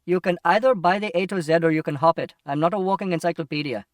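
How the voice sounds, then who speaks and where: A man's voice: fairly high pitch, animated, moderate pace, no room sound, lightly acted. A man reading an audiobook, voicing an impatient, grumpy male shopkeeper who speaks curtly and sarcastically. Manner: curt, brusque, sarcastic. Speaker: audiobook reader. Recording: distant mic, dry sound.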